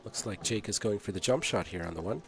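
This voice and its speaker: A man giving steady play-by-play of a pool match on a casual live stream and reading viewer chat aloud. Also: lowish voice, fast talker, crowd noise.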